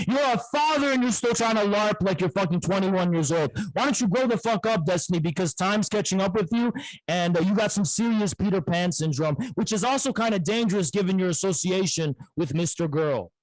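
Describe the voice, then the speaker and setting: A man streamer in a heated online debate, loud and abrasive, repeating the same insults over and over. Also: high voice, no echo, poor audio.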